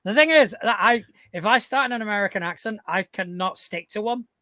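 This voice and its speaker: Laid-back male co-host with a bright, high voice who swears casually. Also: fairly quick, no room sound. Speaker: podcast co-host. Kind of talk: casual live-stream chat.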